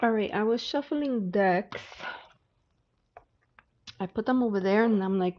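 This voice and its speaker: Slow-talking woman greeting livestream viewers. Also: mid-range voice. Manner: chatty, greets viewers by name. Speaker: livestream tarot reader. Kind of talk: casual livestream chat. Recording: dull lo-fi audio with faint hiss.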